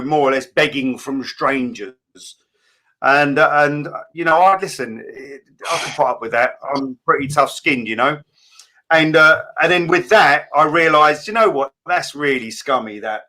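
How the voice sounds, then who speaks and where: A middle-aged man with a bright, forward tone talks as a guest in a relaxed interview. He speaks candidly and plainly, filling pauses with "uh" and "you know" and restarting his sentences. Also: a little high. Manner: candid, plain-spoken, with many fillers and restarts. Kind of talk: casual interview chat.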